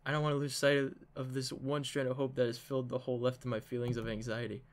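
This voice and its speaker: A man's voice: mid-range voice, flat delivery, fast. A man reading a visual novel aloud in a dramatic way, slipping in joking asides. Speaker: game narrator.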